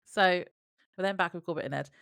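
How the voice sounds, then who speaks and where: A woman's voice: on the low side, fairly quick, gravelly, a bit bright, dry recording, studio quality. A woman co-hosting a podcast in casual chat, laughing often and reading from her notes. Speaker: podcast co-host.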